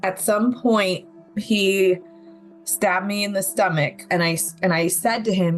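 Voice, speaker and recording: A woman's voice: medium pitch, fairly even intonation, measured pace, soft background music. A young adult woman, a podcast guest, telling her survival story in vivid, candid detail with occasional nervous laughs. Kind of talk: personal story in an interview.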